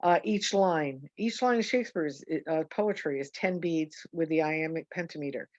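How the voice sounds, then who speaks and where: A woman's voice: sits low, normal speed, no echo, muffled recording. A woman teaching an online poetry lesson, rambling and correcting herself with many fillers. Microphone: video call.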